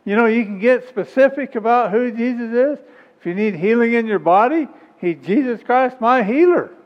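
High-pitched guy preaching, reads scripture, big echo from the hall, kinda muffled sound. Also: lively intonation, normal speed. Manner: emphatic, rising to high pitch on key points. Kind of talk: sermon with scripture reading. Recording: dull sound with long hall reverb.

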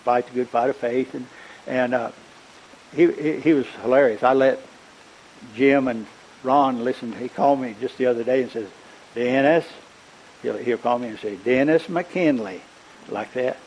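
An older male preacher drifts through his sermon in a loose, chatty way, stopping now and then to clear his throat. His voice sits at an ordinary middle pitch, and he tells his stories in a homespun style. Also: fairly even intonation, normal speed, darkish tone, slight background noise, low-quality recording. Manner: rambling, conversational, frequent throat-clearing. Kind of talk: folksy storytelling sermon.

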